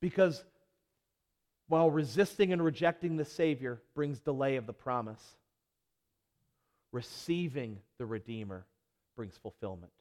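A man's voice: medium pitch, a little slow, pauses often, a little mellow. A male pastor preaching a sermon with impassioned, repetitive emphasis, then leading a prayer. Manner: impassioned, repeating phrases, building to emphatic peaks. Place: church sanctuary. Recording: long hall reverb.

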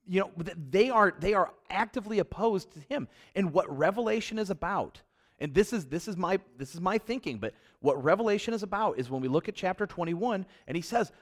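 A middle-aged man teaching a Bible study in a conversational way, stumbling over and repeating words, swinging between emphatic highs and quiet low passages. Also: lively intonation, fairly quick.

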